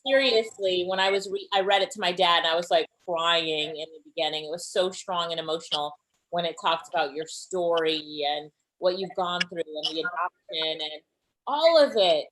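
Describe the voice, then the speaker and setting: A woman's voice: on the low side, moderate pace, a bit bright, rough recording. Upbeat woman hosting an interview. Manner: upbeat, encouraging questions. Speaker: interviewer and company head. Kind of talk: friendly interview.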